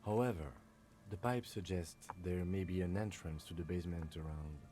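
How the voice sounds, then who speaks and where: Man doing a low, calm cop lieutenant, dry and measured, game voice. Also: slight background noise, natural voice. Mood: matter-of-fact. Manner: dry, measured, matter-of-fact. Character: calm, composed male police lieutenant. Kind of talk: video game dialogue.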